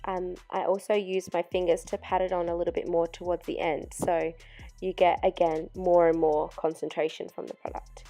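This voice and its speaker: Speaking on the low side with a warm tone, flat delivery and moderate pace, a young woman narrates a makeup tutorial against faint music. The makeup artist is chatty, explains each step with fillers, and is losing her voice.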